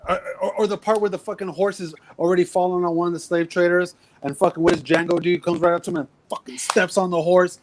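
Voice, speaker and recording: A man's voice: high-pitched, steady tone, fast, few pauses, slight background noise. A man co-hosting a podcast in casual chat, talking animatedly with lots of swearing and acting out movie lines. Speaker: podcast co-host.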